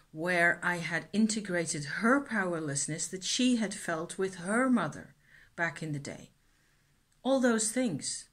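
Slow-spoken, hesitant middle-aged woman. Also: fairly low pitch, fairly bright tone. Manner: hesitant and searching, trailing off and restarting; earnest, self-examining. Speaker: vlogger. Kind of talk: reflective personal vlog.

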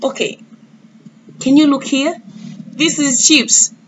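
A woman's voice: sits high, fairly even intonation, slow pace, dull audio, background noise. A woman teaching a lesson to young children, speaking patiently and repeating words for them to echo back. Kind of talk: early-years classroom lesson.

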